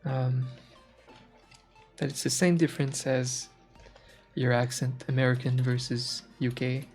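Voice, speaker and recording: Man, relaxed stream chatter, hunts for words, lots of "uh" and restarts, mid-pitched, faint music behind. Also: a little slow, breathy edge. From French-speaking Canada. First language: French. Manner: rambling, searches for words, frequent fillers and restarts. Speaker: art streamer. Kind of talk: casual chat while drawing on stream.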